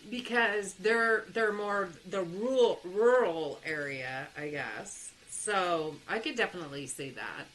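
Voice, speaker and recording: A woman's voice: lowish voice, animated, slow, hardly any pauses, fairly bright tone, slight background noise, poor audio. A young woman with a Texas accent, chatting animatedly as she hosts a live game stream and laughs often.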